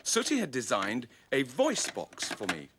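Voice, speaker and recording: A man's voice: medium pitch, wildly swooping pitch, a little slow. A man tells a children's puppet story, his mid-height voice rising and falling very expressively. He sounds wry and storybook-friendly. An old VHS tape hiss runs underneath. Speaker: storyteller presenter. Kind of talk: scripted storybook narration.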